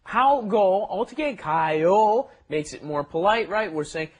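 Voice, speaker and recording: A man's voice: on the high side, lively intonation, moderate pace, husky. A man co-hosting a casual Korean lesson podcast, explaining phrases chattily and tagging points with "right?". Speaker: Korean language teacher co-host.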